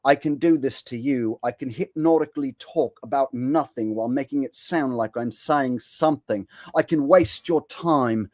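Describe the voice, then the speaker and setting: A man's voice: medium pitch, normal speed, few pauses, a little mellow, no room sound. Swearing, ranting comedian man. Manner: swearing, blunt, sarcastic. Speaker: comedian commentator. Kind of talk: profane rant to camera.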